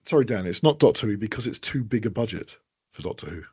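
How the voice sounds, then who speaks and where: Guy on a podcast, kinda raspy, jokey and rambly. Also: lowish voice, big pitch swings, fast, warm tone. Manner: joking, rambling, stumbles over words. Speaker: podcast co-host. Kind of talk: casual chat.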